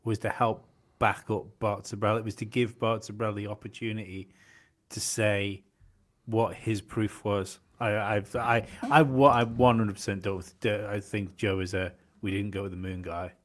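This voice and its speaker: A man's voice: fairly low pitch, flat delivery, normal speed. A man co-hosting a podcast in casual chat, hesitant and often restarting his sentences. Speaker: podcast co-host.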